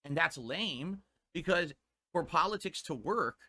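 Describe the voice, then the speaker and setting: A man from the United States rants on a stream in a higher-than-usual, bright, pushing voice. He sounds indignant and swears freely. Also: lively intonation, a little slow. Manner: indignant, profane ranting. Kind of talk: ranting commentary on a stream.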